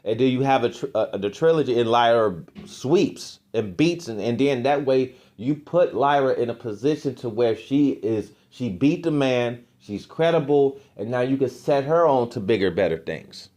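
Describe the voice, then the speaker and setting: A man's voice: mid-range voice, lively intonation, normal speed, hardly any pauses, a little mellow. A man co-hosting a wrestling podcast, ranting in casual, profane commentary, his voice jumping up when exasperated.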